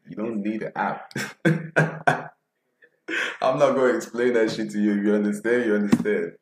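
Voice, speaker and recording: A man in his early twenties hosting a music reaction video, excitable and repeating phrases quickly. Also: fairly low pitch, roomy sound. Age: early 20s.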